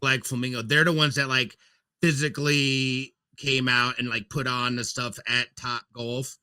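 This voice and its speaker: A man's voice: medium pitch, little pitch movement, normal speed, sharp tone, smooth. A man co-hosting a gaming podcast, chatting casually and rambling with lots of fillers. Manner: rambling, laughs easily. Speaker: podcast co-host. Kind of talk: casual chat.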